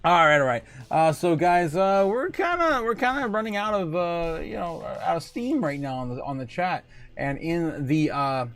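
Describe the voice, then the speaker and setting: A man's voice: normal speed, dry recording, soft background music. A man hosting a casual livestream, reading chat aloud, joking and laughing often between filler words. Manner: jokey and rambling, laughs often, many fillers; swings from muttering low to loud excited calls. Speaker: livestream host.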